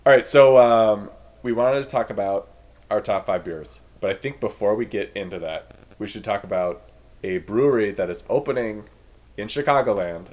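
Laid-back male podcast host with a lowish voice, easygoing and jokey. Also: normal speed, a little mellow. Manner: laid-back, joking, laughs easily. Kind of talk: casual chat. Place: Chicago area.

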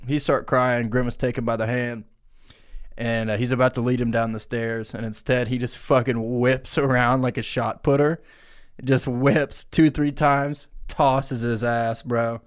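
A man co-hosting a comedy podcast, telling a crude absurd story and breaking into squeaky character noises. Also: clear, resonant tone. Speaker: podcast co-host. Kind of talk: improvised comic storytelling.

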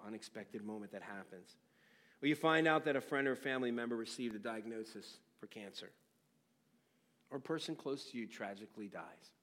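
A middle-aged man preaching a sermon, telling stories with animated bursts of excitement and dropping to quiet, somber tones. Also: fairly high pitch. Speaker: pastor.

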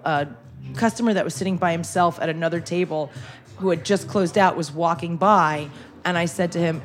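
A young woman hosting a casual chat, telling a story with lively energy and acting out the people in it. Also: on the low side, moderate pace, faint music behind. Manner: animated storyteller, acts out customers' lines. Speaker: podcast host, former waitress.

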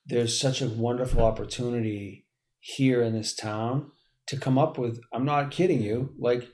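A man's voice: mid-range voice, steady tone, moderate pace, a little mellow. A man in casual podcast chat, rambling and filling his talk with "like" and "literally", now and then swearing. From Boston area.

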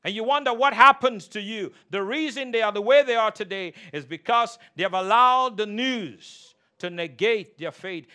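High-voiced, bright-toned preaching pastor. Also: male voice, smooth. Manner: emphatic preaching with call-and-response; repeats key phrases, slows for emphasis. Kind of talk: sermon.

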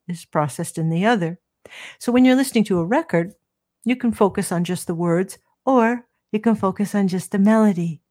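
An older woman speaks as an interview guest and lays out her ideas in a measured, teacherly way. Her voice sits at a middling pitch. The sound is close and dry, with no room echo. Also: darkish tone. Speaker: guest, professor of psychoacoustics. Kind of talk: explanatory interview talk.

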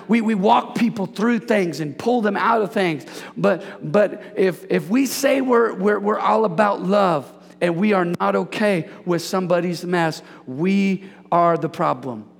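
Pastor, male, high and husky with gravel, animated preacher, echo of a big church hall. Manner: animated, preachy, jokes with congregation. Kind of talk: sermon. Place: church sanctuary. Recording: hall reverb.

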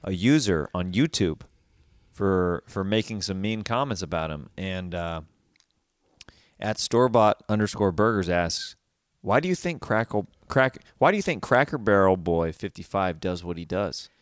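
Teasing podcast host, lively and dry. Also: male voice, low-pitched, unhurried, no room sound. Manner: teasing, mocking. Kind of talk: casual comedy podcast chat.

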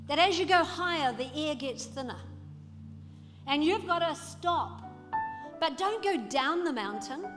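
A woman delivers a sermon in a high voice, pressing her listeners with rhetorical questions. Her words ring through a reverberant hall while music plays underneath. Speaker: pastor. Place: church hall.

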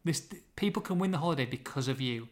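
A man's voice: medium pitch, animated, fast talker. A man hosting a casual football podcast, chatty and teasing. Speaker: podcast host.

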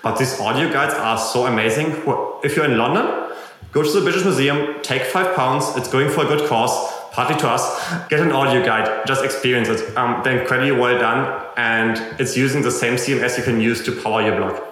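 German-accented man, enthusiastic talker, bright edgy tone, heavy room echo. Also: mid-range voice, brisk. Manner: enthusiastic, talkative, self-deprecating. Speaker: guest, software company representative. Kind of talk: casual podcast chat. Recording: very echoey room.

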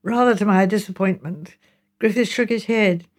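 A woman reading an audiobook narration in a crisp, measured storytelling manner. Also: medium pitch.

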